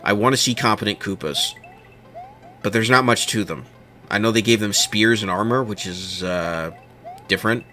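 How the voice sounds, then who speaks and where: Opinionated guy ranting on his commentary show, lowish voice, gets worked up and does mocking quote voices. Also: moderate pace, pushed and bright.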